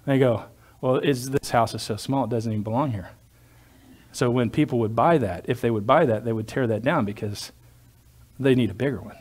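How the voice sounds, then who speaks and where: A man's voice: mid-range voice, fairly quick, husky. A male pastor preaching a sermon in a conversational, digressive way, with joking asides to his congregation.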